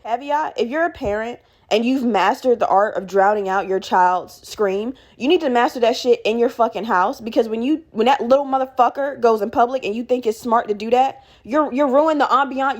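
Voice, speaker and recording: A young woman with a fairly high voice tells a story in a loose, chatty way. She swears freely and flares up as she acts out the people in it. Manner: animated, profane, acts out quoted people in raised voices. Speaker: podcast host. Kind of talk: casual storytelling.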